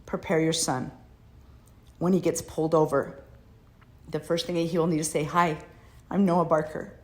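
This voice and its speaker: A middle-aged American mother with a deep, low-pitched, darkish voice addresses the camera directly at a moderate pace. Her intonation stays fairly even, yet she sounds earnest, emotional and pleading, speaking from the heart rather than from a script.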